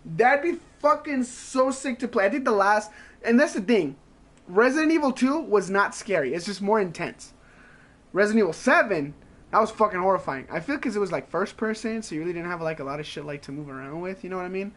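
A man's voice: sits high, animated, fast, fairly bright tone. A man live-streaming a game, chatting casually with his viewers, rambling, laughing and swearing, with "like" in almost every sentence. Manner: rambling, swears a lot, laughs often, says "like" constantly. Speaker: gaming streamer.

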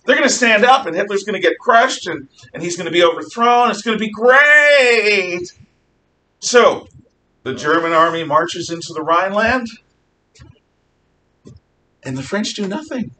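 A man teaching a history class, lecturing in a lively way and acting out quotes, recorded from far off in a classroom with some hiss. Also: sits high, moderate pace. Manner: animated, acts out quotes.

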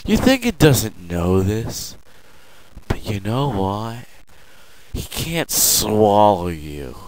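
A young man doing a rambling sit-down comedy monologue, meandering with lots of fillers and sudden loud outbursts. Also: lowish voice, sing-song, extremely slow, slight background noise, rough recording. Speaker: amateur comedian.

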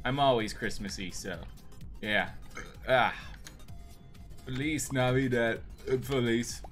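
A man's voice: medium pitch, takes it slowly, fairly bright tone, soft background music. A man live-streaming a game, chatting casually with viewers in an upbeat, rambling way. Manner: upbeat, greets chat, rambling with restarts. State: hyped on energy drink.

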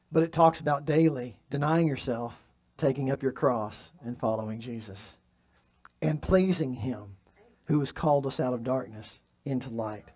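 Male pastor, fairly high voice, preaching in church, moves between forceful emphasis and hushed delivery. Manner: preaching with swings from loud emphatic to soft and quiet. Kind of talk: sermon. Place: church sanctuary.

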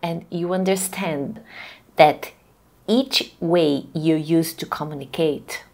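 Slow, gravelly woman teaching a voice class. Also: low voice, a little mellow. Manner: slow, deliberate teaching with frequent restarts. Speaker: voice coach. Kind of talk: online class lecture.

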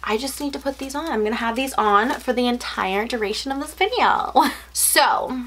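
A woman's voice: a little high, animated, normal speed, a bit bright. A young woman from outside the US doing a casual unboxing video, gushing, gasping and squealing over each item. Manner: gushing, gasps and squeals often. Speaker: unboxing vlogger. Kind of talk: excited casual unboxing chat.

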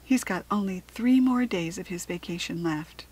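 A woman's voice: fairly low pitch, moderate pace, darkish tone, breathy edge. A woman voicing an eager young farm girl in a children's storybook, lifting her voice for the girl's questions. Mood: earnest.

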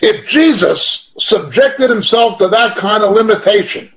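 Emphatic high-voiced male Bible teacher. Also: animated, unhurried, fairly bright tone, rough recording. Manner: emphatic, repeats key phrases, reads verses aloud. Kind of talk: verse-by-verse Bible teaching with asides.

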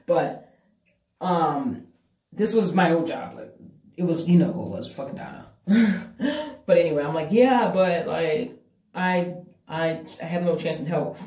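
Unhurried and deep-voiced, with long pauses, a woman vlogger tells a breakup story to camera in an animated, blunt, foul-mouthed, casual way. She's recorded from a distance in a bathroom that echoes.

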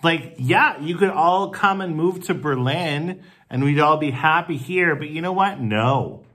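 Slow-talking, gushing, foul-mouthed man. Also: fairly high pitch, fairly bright tone. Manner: gushing, emphatic and profane, with drawn-out stressed phrases; sympathetic coaxing that swings into indignant outbursts. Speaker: comedian in character as a supportive gay friend. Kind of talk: comedic sketch monologue to the camera. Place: home, where he lives in the city.

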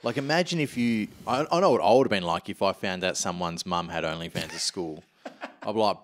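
A low-pitched man in his thirties hosts a relaxed podcast chat from a studio. He laughs often, swears without a second thought, and keeps breaking into rowdy impressions. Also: a little fast. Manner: laughs a lot, swears freely, jumps into loud impressions. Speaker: podcast host. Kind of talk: casual comedy podcast chat.

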